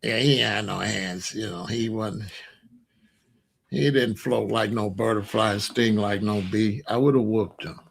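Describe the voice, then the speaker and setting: A man's voice: on the low side, steady tone, a little slow, vocal fry, slightly rough. A middle-aged man hosting his own commentary channel, talking in a casual opinion monologue and telling stories with sound effects and mock voices.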